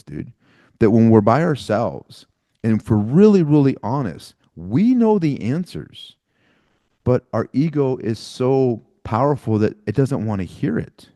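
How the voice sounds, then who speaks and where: A man's voice: mid-range voice, dark tone, no room sound, studio quality. A man hosting a podcast, telling a personal story in candid, profane conversation peppered with casual slang. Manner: blunt and profane, casual slang like dude and bro. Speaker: podcast host.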